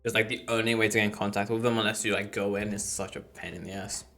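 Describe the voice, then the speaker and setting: A man's voice: lowish voice, flat delivery, fast, gravelly, fairly bright tone, soft background music. A man streaming a reaction video, chatting in rambling asides to his viewers. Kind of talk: casual reaction commentary.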